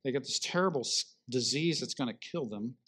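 Animated storytelling preacher, a man. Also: mid-range voice, a little fast, breathy edge. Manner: animated storytelling, acting out the lepers. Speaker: pastor. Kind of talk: sermon.

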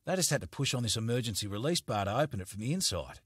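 A man's voice: medium pitch, big pitch swings, very fast, a bit bright, breathy edge, no echo, clean studio sound. Man doing a wry, easygoing cop partner. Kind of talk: audiobook character voice.

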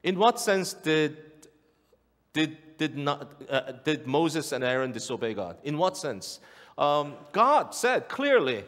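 A man's voice: fairly high pitch, sing-song, takes it slowly, fairly bright tone. A middle-aged male pastor preaching a sermon in a church, earnest, repeating key phrases and asking the congregation questions. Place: church sanctuary. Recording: long hall reverb.

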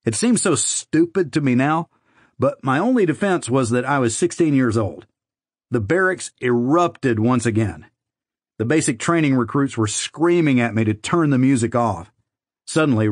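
A man narrating a first-person audiobook in a steady, conversational storytelling manner. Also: mid-range voice, no echo, clean studio sound.

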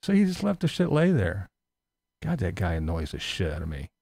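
A man's voice: sits low, wildly swooping pitch, brisk, gravelly, darkish tone, no echo. A man hosting a live-stream commentary, sarcastic and mocking, swearing freely and laughing often as he rants and answers chat. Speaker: YouTube commentary host reading live chat.

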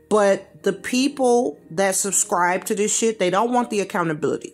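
A woman's voice: mid-range voice, normal speed, hardly any pauses, faint music behind. A woman giving a blunt reaction rant in slangy, informal speech, repeating phrases for emphasis. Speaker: commentator reacting to a video.

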